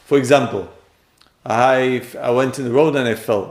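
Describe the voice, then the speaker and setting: Man, gravelly voice, echoey room, lecture on relationships. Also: mid-range voice, normal speed. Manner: acts out quoted speakers with sudden loud jumps. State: voice a bit strained. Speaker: teacher.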